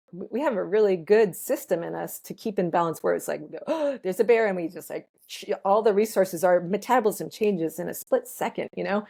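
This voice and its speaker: Woman, low gravelly voice, mellow tone, explanatory, casual interview guest. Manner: thoughtful, explanatory, laughs often between points. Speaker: ethnobotanist guest.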